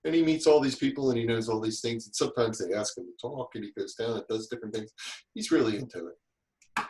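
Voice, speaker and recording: A man's voice: medium pitch, fast talker, darkish tone, echoey room, low-quality recording. A man guesting on a podcast and chatting casually, rambling and often restarting his sentences. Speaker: guest, safety instructor. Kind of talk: casual chat.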